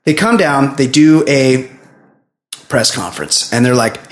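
Lively joking male podcast host. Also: medium pitch, measured pace. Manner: animated, joking, acts out quotes, swears. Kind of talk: casual movie-review banter. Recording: echoey room.

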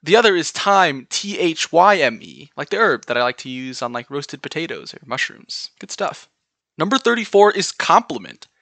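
A man's voice: fairly high pitch, sing-song, moderate pace, pushed and bright, no echo. A man with a General American accent hosting a solo podcast, chatting through word lists and spelling words out letter by letter. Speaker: podcast host.

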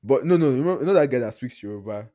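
A man's voice: mid-range voice, expressive, fast talker, mellow, no room sound, studio quality. Joking man podcast co-host. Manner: joking, rambling, laughs often. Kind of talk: casual chat.

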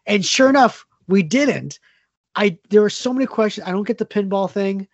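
A man co-hosting a casual movie podcast, easygoing and halting, with many fillers and chuckles. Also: high-pitched, expressive, no echo, lo-fi sound. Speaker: podcast co-host.

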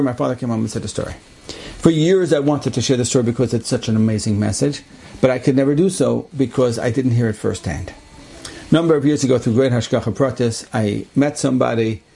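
A man's voice: mid-range voice, creaky, darkish tone. A man earnestly telling an inspirational religious story, repeating key phrases for emphasis.

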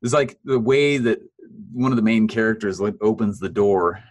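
A man in his thirties, a guest telling his story in a casual interview, animated and laughing often, leaping up in pitch for quoted voices. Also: normal speed.

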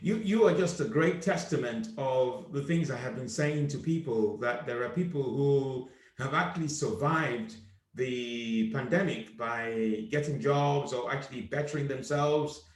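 A man's voice: mid-range voice, unhurried. A man hosting a casual interview who praises his guest effusively. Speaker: interviewer host. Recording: echoey room.

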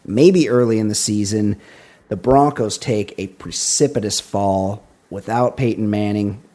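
A man's voice: fairly low pitch, dark tone. A man co-hosting a podcast, chatting casually about football with wry, opinionated asides. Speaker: podcast co-host. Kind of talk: casual sports chat.

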